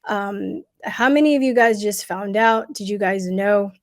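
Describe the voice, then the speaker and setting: A woman hosting a casual livestream, talking to viewers with many pauses, fillers and restarts, and growing emotional at times. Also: medium pitch. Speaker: livestream host.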